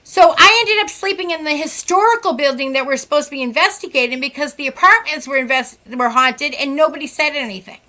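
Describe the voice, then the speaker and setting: A woman psychic medium from Massachusetts, chatting as a guest and telling lively stories, acting out the lines of other people as she goes. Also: high-pitched, fairly quick, hardly any pauses. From Central West Massachusetts. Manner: animated, acts out quoted dialogue with sighs and laughs. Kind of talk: casual storytelling chat. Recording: podcast interview.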